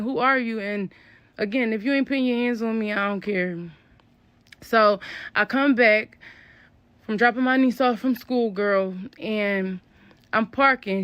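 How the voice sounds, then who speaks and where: A woman's voice: on the high side, a bit bright, clear, resonant tone, no echo. Blunt slangy woman telling a storytime. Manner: blunt, slangy, spelling out curse words. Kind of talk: casual storytime. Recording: dull, lo-fi, dry sound.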